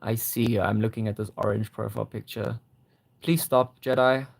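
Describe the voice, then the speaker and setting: Gravelly-voiced young man chatting with viewers. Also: fairly low pitch, fairly even intonation, normal speed. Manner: gentle, encouraging, praising viewers. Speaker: livestream host. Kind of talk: casual live chat reading viewer comments.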